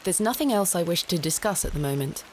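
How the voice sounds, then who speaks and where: A woman's voice: lowish voice, animated, quick pace, slight background noise, natural voice. A woman playing a prim young archaeologist. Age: young adult. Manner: formal, polite, clipped. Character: proper young woman archaeologist, reserved and determined. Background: loud game music and rain.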